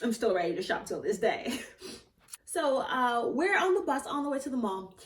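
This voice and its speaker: A young woman, a theatre actor, telling a personal story in a casual vlog, animated and often laughing or squealing with excitement. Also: fairly high pitch, normal speed. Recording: echoey room, voice a bit far from the mic.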